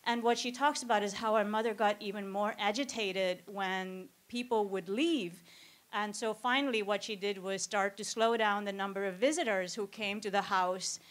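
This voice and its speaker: A woman's voice: medium pitch, steady tone, normal speed. A woman speaking on a panel, summarizing and explaining a caregiver's account in a thoughtful, explanatory way. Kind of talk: academic talk summarizing a clip.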